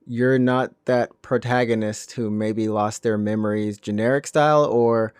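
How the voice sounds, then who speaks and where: A man's voice: mid-range voice, fairly even intonation, a little mellow, clear, resonant tone, no room sound, studio quality. A man co-hosting a podcast in casual chat, asking questions and laughing easily. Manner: asks questions, quick to laugh. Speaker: podcast co-host.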